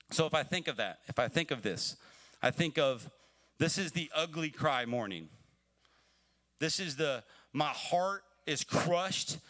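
A man's voice: medium pitch, pushed and bright. A man preaching a conversational livestream sermon that rises to emphatic, pleading peaks. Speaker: pastor. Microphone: livestream mic.

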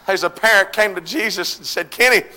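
A man preaching a revival sermon, swinging between shouted, chanted lines and quieter pleading passages. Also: steady tone, brisk. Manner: shouting, chanting preaching with sudden drops to low intensity. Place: church. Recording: echoey church hall with congregation.

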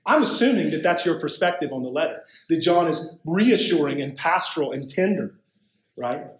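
A man preaches a sermon in a slightly high voice, pressing his points hard and tossing in "right?" to check on his listeners. The sound rings around a roomy church hall. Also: lively intonation, normal speed, a bit bright. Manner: emphatic preaching with frequent "right?" asides. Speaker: pastor.

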